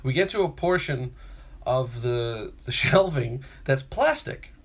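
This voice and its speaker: A man, co-hosting a casual chat and telling an exasperated story with lively voiced impressions. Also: medium pitch, slow pace, slightly rough. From Brooklyn, New York.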